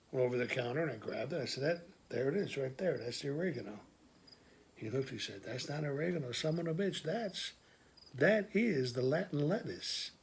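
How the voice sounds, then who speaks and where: A man performing an improvised comic monologue as a swearing, streetwise family man, telling his story with quick asides. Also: medium pitch. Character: Pork Chop, a gruff middle-aged family man. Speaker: comedian doing an improvised monologue.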